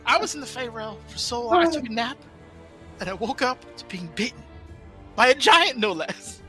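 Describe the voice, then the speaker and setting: A man voicing an indignant male onion who shouts and screams in panic and outrage. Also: very high voice, animated, moderate pace, loud music behind the voice. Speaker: game master.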